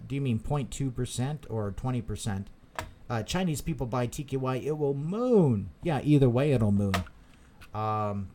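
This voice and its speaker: A crypto channel host runs a live stream, chatting casually and reading viewer comments aloud while rambling with lots of repeated words and fillers. His mid-range voice is warm, with a little hiss or hum in the audio.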